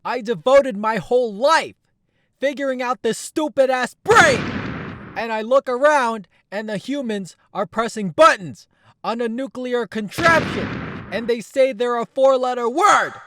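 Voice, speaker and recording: A man's voice: very high voice, expressive, measured pace, noisy background, pitched above the performer's own voice. A man voicing an angry old male psychologist back from the dead, ranting and cursing with indignation. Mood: enraged. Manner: shouting, profane, indignant.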